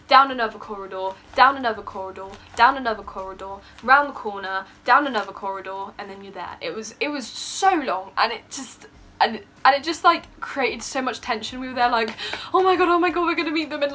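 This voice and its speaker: A young woman telling a story in a casual vlog, excitable and gushing, laughing often. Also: fairly high pitch. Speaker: vlogger.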